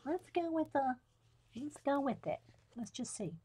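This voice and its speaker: A woman's voice: high-pitched, lively intonation, a little slow, noisy background. Chatty woman demonstrating coloring live. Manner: chatty, giggles often, greets viewers by name. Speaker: coloring tutorial livestream host.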